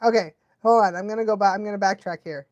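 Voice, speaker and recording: A woman's voice: mid-range voice, fast, darkish tone, no echo, muffled recording. A woman dog trainer hosting a casual watch-along live stream, chatty and laughing often, cooing baby talk at a dog now and then.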